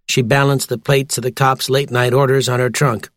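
A man narrating a children's audiobook in a lively, expressive way. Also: medium pitch, brisk, no room sound, clean studio sound. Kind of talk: scripted narration.

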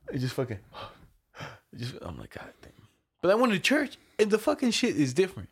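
A young man telling a story in a casual chat, relaxed and profane, slipping into quoted voices. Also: a little high, a little fast, breathy edge.

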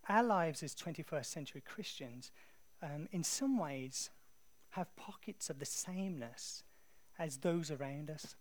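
An English man preaching a sermon in a conversational, animated storytelling way. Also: a little high, measured pace.

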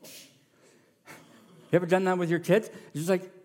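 A middle-aged man preaching a sermon as a pastor, animated and acting out the voices of the people in his story. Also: sits high, takes it slowly, big-room sound. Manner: animated, acts out voices of characters.

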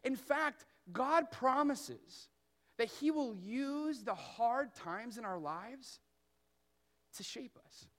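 A man in his thirties delivers a sermon as pastor, his voice sitting high for a man. He tells stories earnestly and slows down to press on key phrases. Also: expressive, a bit bright. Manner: earnest storytelling preaching, slowing on key phrases.

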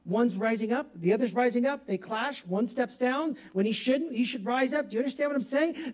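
Male pastor, very high voice, animated sermon delivery with quiet asides and loud peaks. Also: a little fast, hardly any pauses. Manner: animated preaching, swings from soft asides to loud emphatic bursts; laughs at himself. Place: church hall with congregation.

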